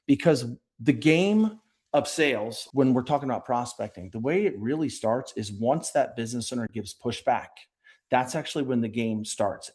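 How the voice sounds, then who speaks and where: Direct, energetic man talking sales. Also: mid-range voice. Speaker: podcast guest, sales leader. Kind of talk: conversational interview.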